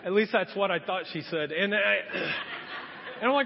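A high, creaky male voice at normal speed belongs to a pastor giving a sermon in a church hall. He tells a story and acts out the people in it, and the recording is muffled with a long reverb tail.

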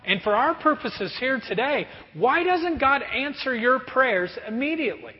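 A pastor preaching a sermon to a congregation, lively and often acting out everyday scenes in quick put-on voices. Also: male voice, very high voice. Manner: animated, acts out kids and parents in quick voices. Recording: muffled sound with long hall reverb.

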